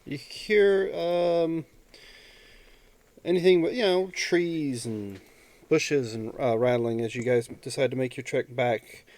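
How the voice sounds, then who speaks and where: A man narrating as game master of a tabletop game, relaxed and hesitant with fillers. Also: medium pitch, slow.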